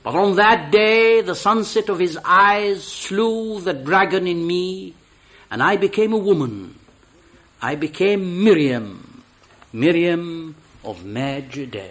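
A man's voice: sits high, animated, slow, a bit bright, voice pushed up, exaggerated voice. A man voicing an impassioned woman who recalls her redemption, in a dramatic poetry reading with a fervent, declamatory delivery. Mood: rapturous.

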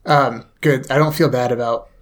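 A man talks casually as a podcast co-host. He sounds laid-back, pausing often with ums and uhs as he works out his thoughts. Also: mid-range voice, fairly even intonation. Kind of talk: casual chat.

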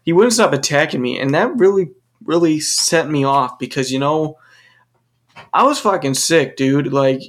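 A man's voice: fairly high pitch, animated, normal speed. Young man ranting on a solo podcast. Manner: profane, ranting, rambling with restarts. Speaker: podcast host. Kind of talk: casual solo podcast monologue.

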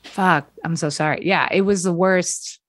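A young woman comedian in casual chat, telling stories with animated put-on voices for the people she quotes. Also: lowish voice, unhurried, no room sound.

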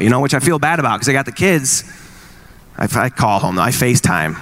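A man's voice: medium pitch, expressive, fast talker, a bit bright, a little hiss or hum. A man in his thirties doing a stand-up routine, with wry, exasperated stories about marriage and parenting. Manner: wry, exasperated dad storytelling. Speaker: stand-up comedian.

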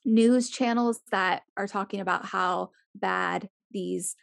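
A young woman chatting casually as a podcast co-host, animated, swearing freely and acting out the people she quotes. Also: medium pitch, slow, creaky, dry recording, clean studio sound. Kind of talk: casual chat.

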